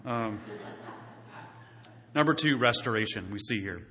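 A man's voice: fairly low pitch, moderate pace, long pauses, sharp tone, big-room sound. A male pastor preaching a sermon in a church sanctuary, talking conversationally and putting questions to the congregation.

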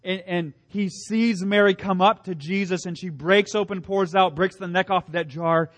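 Earnest preacher with a high voice. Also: male voice, steady tone, normal speed. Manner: earnest, emphatic, with rhetorical questions and repeated phrases. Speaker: pastor. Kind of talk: sermon.

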